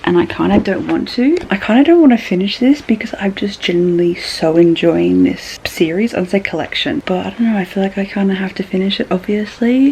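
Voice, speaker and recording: A young woman chatting casually in a reading vlog, swearing freely and swinging between murmured asides and excited outbursts. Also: mid-range voice, creaky, slight background noise, poor audio. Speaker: book vlogger. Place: bedroom.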